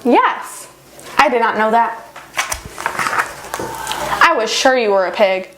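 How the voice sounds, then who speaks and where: A young woman voicing a cheerful, excited female pig from a picture book. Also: a little high, slow, voice pushed down. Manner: upbeat and excited. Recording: noticeable background noise.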